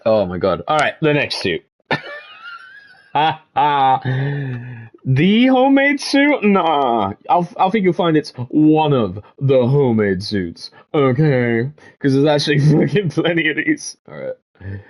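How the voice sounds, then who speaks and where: Brief: male gaming commentator, animated, swings his pitch around, laughs often and swears freely, reads text aloud between reactions. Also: moderate pace. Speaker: gaming video creator.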